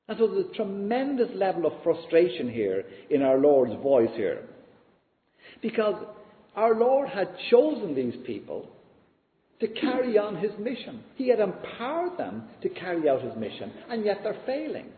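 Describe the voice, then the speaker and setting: A male preacher teaching through scripture in an earnest way, his voice sitting a little high and rising and falling a lot. He sounds like he is in a big, echoey hall with a long reverb trail. The sound is thin and tinny, much like a phone line. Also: normal speed. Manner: earnest, teaching, lively rise and fall. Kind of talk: expository sermon.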